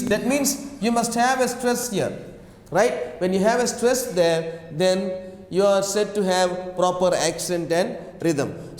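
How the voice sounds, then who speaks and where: Guy teaching english, kinda high voice, keeps saying okay and right, roomy echo. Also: a little mellow. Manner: repetitive, explanatory, frequent okay and right. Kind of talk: online English lecture. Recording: echoey room with long reverb.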